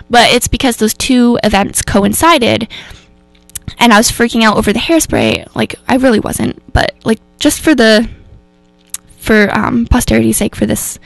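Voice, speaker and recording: On a radio show recorded through a studio mic, a woman host with a fairly high, creaky voice and lively intonation talks at a moderate pace about coping with emotions. Her casual reflection on mental health rambles earnestly, packed with fillers and self-corrections. The room is dry, with faint music in the background.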